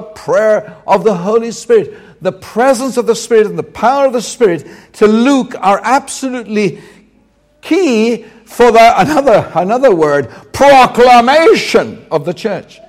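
Guy preaching, kinda high voice, all over the place pitch-wise, jokey, gets the crowd to repeat words. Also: expressive, unhurried. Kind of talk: lively sermon to a live audience.

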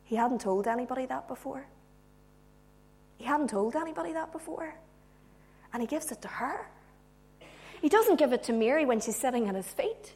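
Brief: woman preacher, fairly high voice, animated sermon, jokey asides, loud then hushed. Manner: animated, swinging from loud emphasis to hushed tones; humorous asides.

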